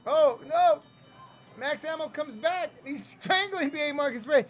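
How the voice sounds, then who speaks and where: Commentating on vintage wrestling clips as host, a man rambles casually, cracking jokes and using plenty of fillers. His very high-pitched voice is animated yet measured in pace.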